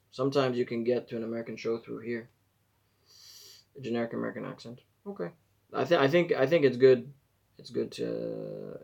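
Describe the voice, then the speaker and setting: Gravelly man rambling on a live stream. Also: medium pitch, darkish tone, highs cut off. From Israel. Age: 40s. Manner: rambling, self-correcting, chatty advice.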